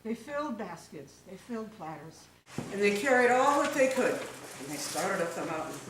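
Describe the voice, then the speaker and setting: A woman telling a folk tale aloud on stage in a lively, expressive way. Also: medium pitch, normal speed, background noise. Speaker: storyteller. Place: live stage in a hall. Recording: echoey hall from far off.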